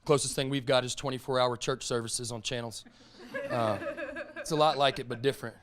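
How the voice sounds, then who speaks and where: A stand-up comedian from North Alabama with an Alabama Southern accent, drawling and self-deprecating, working a live audience on stage. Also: male voice, mid-range voice, fairly even intonation, brisk.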